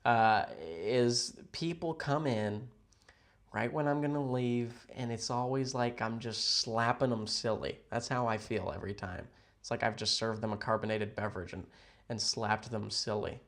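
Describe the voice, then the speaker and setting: A man chatting casually with viewers on a livestream from a hotel room, rambling, playful and sarcastic, jumping between loud outbursts and mutters. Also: on the low side, fairly even intonation, moderate pace. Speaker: livestream host.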